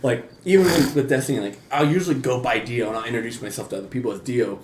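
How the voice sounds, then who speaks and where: A man who works as a gym trainer talks in a relaxed, casual way. His mid-pitched voice has a roomy echo around it. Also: fast talker, noisy background. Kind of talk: casual chat.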